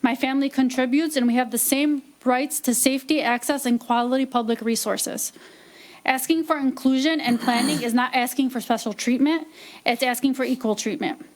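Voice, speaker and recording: A mother reads her statement to a city council, firm and earnest, pleading for her family. Her voice is high. The delivery is prepared and deliberate. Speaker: parent giving public comment. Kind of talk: prepared public comment read aloud.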